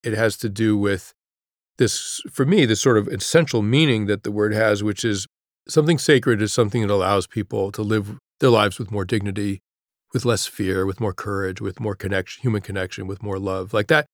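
Middle-aged male author, low voice, halting reflective storyteller, dry close sound. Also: dry recording. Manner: halting, reflective, drops to a hush at grave moments. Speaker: guest, author. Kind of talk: personal storytelling in an interview.

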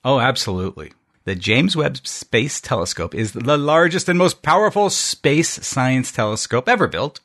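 A man's voice: mid-range voice, moderate pace. A man in his fifties co-hosting a casual science chat, laughing often as he talks and reading facts aloud. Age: 50s. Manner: lively, laughs mid-sentence, reads aloud. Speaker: podcast co-host.

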